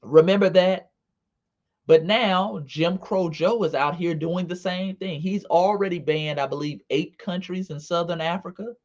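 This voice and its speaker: A man's voice: sits high, unhurried, a little mellow. A man giving casual livestream commentary in an emphatic, repetitive and profane manner, addressing his viewers directly. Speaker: online commentator. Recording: dull lo-fi sound.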